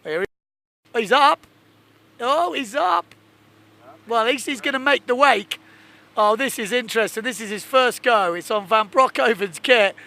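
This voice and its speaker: Excitable high-voiced commentator. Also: male voice, moderate pace, gravelly, long pauses. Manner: jokey, excitable, chatty. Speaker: sports commentator. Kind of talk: live commentary. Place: on a boat on a lake, outdoors.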